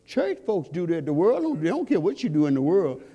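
A man's voice: high-pitched, big pitch swings, brisk, mellow, muffled recording. A man preaching a sermon in call-and-response style, asking the congregation questions and climbing to fervent peaks.

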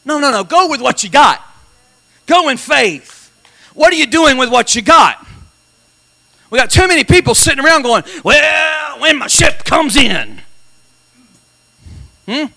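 A male pastor delivering a dramatic church sermon, calling out to the congregation for responses and swelling into shouts. His voice sits unusually high for a man, bright and forceful. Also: lively intonation, moderate pace, pauses often. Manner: call-and-response preaching, dramatic, rising to shouts.

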